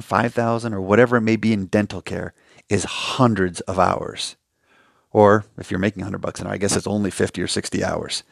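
Emphatic, gravelly-voiced male podcast host. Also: mid-range voice, no echo, studio quality. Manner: emphatic, passionate, acts out little dialogues. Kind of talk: solo podcast advice monologue.

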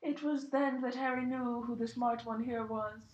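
A woman's voice: on the high side, steady tone, moderate pace, hardly any pauses, a little mellow, reverberant, rough recording. Young woman reading mock-earnest fanfic. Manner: mock-earnest, putting on voices for quotes. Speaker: reader of fan fiction. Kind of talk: dramatic comic reading aloud.

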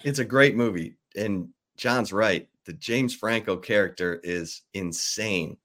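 A man's voice: on the low side, a little slow, a bit bright. A man co-hosting a sports podcast, enthusiastic and teasing his co-host in casual talk.

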